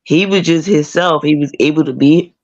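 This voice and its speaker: A woman's voice: deep voice, normal speed, darkish tone, muffled recording. A woman hosting a casual call-in commentary stream, talking with the hiccups and frequent restarts. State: has the hiccups. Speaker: livestream commentary host.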